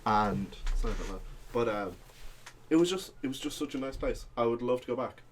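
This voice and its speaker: A man's voice: mid-range voice, lively intonation, brisk, slight background noise. Rambling young Irish man telling stories. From Ireland. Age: young adult. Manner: rambling anecdotal storytelling with many fillers. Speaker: podcast co-host. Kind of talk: casual chat.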